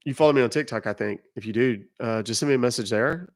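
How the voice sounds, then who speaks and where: A man's voice: medium pitch, fast, vocal fry, hardly any pauses. A man hosting a live stream, chatting casually with viewers, reading out their comments and explaining phone and email rules. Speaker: livestream host.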